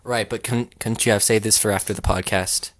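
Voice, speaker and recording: A man hosting an improvised comedy podcast, talking deadpan and mock-sincere with halting restarts. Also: on the low side. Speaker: podcast host.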